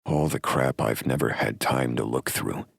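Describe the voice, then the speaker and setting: A man narrating a romance audiobook in the first person, in a measured, wry way. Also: extremely low pitch, creaky, breathy edge, no echo, clean studio sound.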